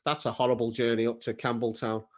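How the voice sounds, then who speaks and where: A man's voice: level tone, fast talker. A man from North Wales with a northern English accent and a Scouse twang, hosting a casual podcast interview, chatty and asking questions. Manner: chatty, asks questions with rising pitch. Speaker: podcast host.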